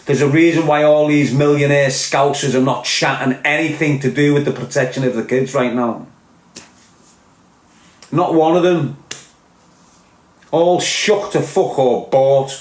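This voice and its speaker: A man's voice: a little high, fairly even intonation, a little slow, reverberant. A man with a Liverpool accent delivering a blunt, sweary, impassioned podcast rant. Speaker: podcast host. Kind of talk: ranting podcast monologue.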